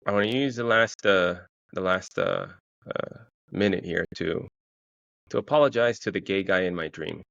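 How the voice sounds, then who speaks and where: A low-voiced man, telling a story on his own podcast. He swears freely and jumps up in pitch to act out what he said. The sound is a bit dull and lo-fi. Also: normal speed, creaky, dry recording. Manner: profane storytelling, quoting himself in a raised, excited voice. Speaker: podcast host. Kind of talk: casual solo monologue.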